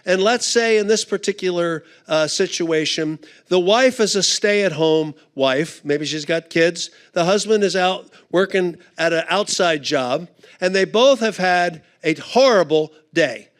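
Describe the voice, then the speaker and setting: A man's voice: high-pitched, measured pace, clean tone. A middle-aged man speaking at a conference, telling a funny story and acting out the voices in it. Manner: animated storyteller, acts out voices. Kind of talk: humorous storytelling talk.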